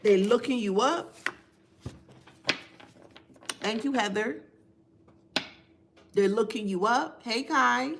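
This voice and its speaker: Slow, emphatic woman streamer, high voice. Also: creaky, a little hiss or hum. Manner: emphatic, repeats phrases, reads viewer names aloud. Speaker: spiritual reader on a live stream. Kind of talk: casual live-stream reading.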